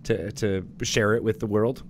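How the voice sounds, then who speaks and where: A man's voice: on the low side, fairly even intonation, normal speed, a little hiss or hum. Playful male podcast host. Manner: playful, laughs a lot, asks questions. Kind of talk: casual chat.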